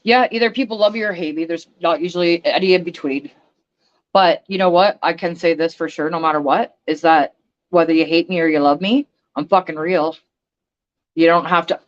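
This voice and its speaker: A woman's voice: lowish voice, muffled recording. A woman ranting bluntly on a casual livestream, swearing and speaking emphatically. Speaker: vlogger.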